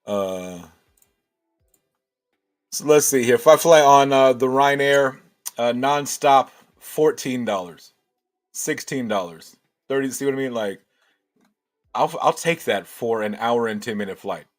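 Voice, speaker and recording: A man's voice: mid-range voice, unhurried, long pauses, soft background music. A man hosting a casual livestream, thinking aloud and answering chat with many restarts.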